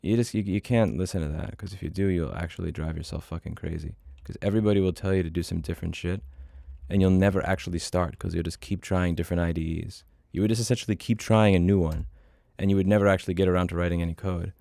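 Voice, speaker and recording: A middle-aged man with a very low, gravelly voice talks casually on a coding livestream. He is blunt and swears freely, often muttering to himself. The sound is dry and close, with no room echo. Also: steady tone, fast talker, mellow. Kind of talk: casual livestream chat while programming.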